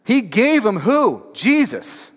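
A man's voice: sits high, sing-song, slow pace. A man preaching a sermon in a church, casual and conversational, with lots of filler words and emphatic rhetorical questions to the congregation. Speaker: pastor. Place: church sanctuary. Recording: long hall reverb.

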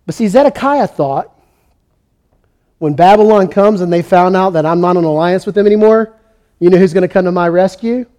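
A man with a high-pitched voice preaching a sermon. He tells the story in an animated way and voices the kings and prophets he quotes. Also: fairly quick. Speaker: pastor.

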